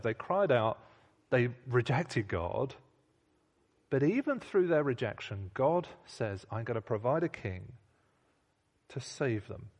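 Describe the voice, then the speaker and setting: Man, preacher, sermon, animated pitch, conversational, rhetorical questions. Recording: long hall reverb.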